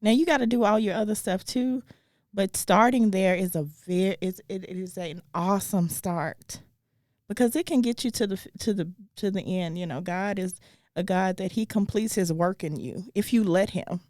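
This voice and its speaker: A woman's voice: mid-range voice, normal speed, a little mellow, no room sound, clean studio sound. A woman co-hosting a casual chat, talking through faith in an earnest, thoughtful way. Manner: earnest, thoughtful, gets briefly emotional. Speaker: comedian and co-host.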